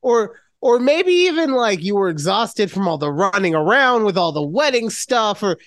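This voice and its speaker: A woman's voice: medium pitch, big pitch swings, normal speed, dry recording, studio quality. A woman co-hosting a podcast in casual chat, teasing her friend and mimicking voices. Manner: playful, teasing, with exaggerated mimicry. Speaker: podcast co-host.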